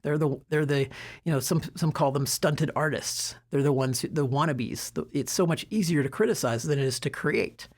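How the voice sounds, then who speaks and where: Husky man giving casual advice. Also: on the high side, normal speed. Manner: relaxed, conversational, frequent fillers and restarts. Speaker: self-development speaker. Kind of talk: casual talk to camera.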